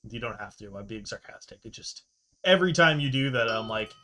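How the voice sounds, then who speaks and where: A man's voice: medium pitch, fast talker, bright, forceful tone, a little hiss or hum. A young man streaming a game, chatting loosely to himself and his viewers, swearing casually and laughing at himself. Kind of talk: casual gameplay commentary.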